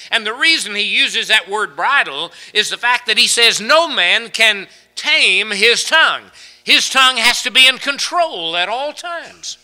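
A man preaching a sermon with humorous anecdotes, swinging from loud emphasis to hushed asides. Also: sits high.

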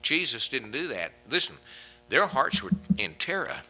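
A man's voice: mid-range voice, sing-song, normal speed, sharp tone, poor audio. A man preaching a sermon as pastor, folksy and conversational, chuckling between points.

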